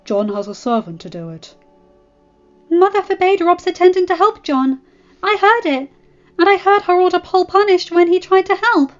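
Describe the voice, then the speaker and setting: A woman voicing a timid, eager young noble girl who speaks in a high, anxious, pleading way. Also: animated, unhurried, lo-fi sound.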